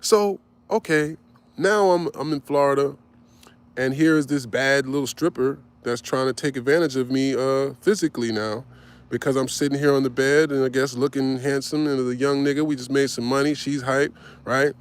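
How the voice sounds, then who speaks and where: A man casually telling a personal story in an animated, slangy way, with frequent asides to his listeners. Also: mid-range voice, moderate pace, smooth. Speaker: host.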